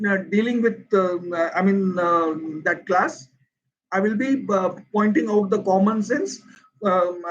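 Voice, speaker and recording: A man's voice: sits high, muffled recording. A man with an Indian accent, a Hindi speaker, answering viewers' questions in an earnest, emphatic livestream English lesson. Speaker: English teacher.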